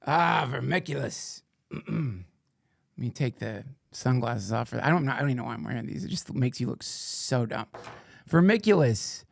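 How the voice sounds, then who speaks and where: A man hosting a podcast in casual chat, rambling, excitable and swearing freely. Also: medium pitch, moderate pace, gravelly, a little hiss or hum. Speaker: podcast host.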